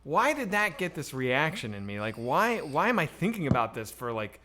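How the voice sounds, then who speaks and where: Streaming co-host, male, fairly high lively voice, hesitant and rambling. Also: normal speed. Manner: rambling, hesitant, lots of fillers and restarts. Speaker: podcast co-host. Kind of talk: casual chat on a livestream. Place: home streaming setup.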